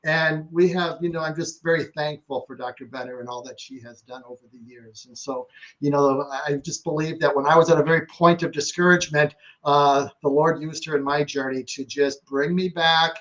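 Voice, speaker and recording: A man's voice: a little high, steady tone, brisk, fairly bright tone, muffled recording. A man hosting a nursing education interview, earnest and sincere, with many "you know" fillers. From Minnesota. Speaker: podcast host. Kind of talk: interview conversation.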